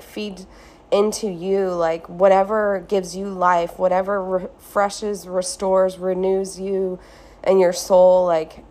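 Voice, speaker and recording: Earnest woman podcaster, flat delivery. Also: mid-range voice. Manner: casual, earnest, heavy use of "like". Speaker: podcast host. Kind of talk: reflective solo podcast monologue. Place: hotel room at a beach resort. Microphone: phone.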